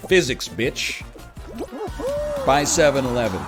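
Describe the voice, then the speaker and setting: A man in his thirties giving casual gameplay commentary, chatty and prone to sudden excited yelling. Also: medium pitch, slow, music in the background. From Canada. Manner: animated, jumps from chatty riffing to excited yelling at the game. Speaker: gaming commentator.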